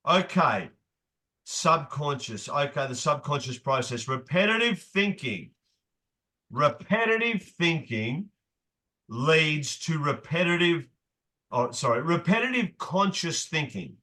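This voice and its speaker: A man's voice: fairly high pitch, very animated, slow pace, pauses often, sharp tone. A man leading a motivational group session as coach, emphatic, repeating key phrases and swearing casually.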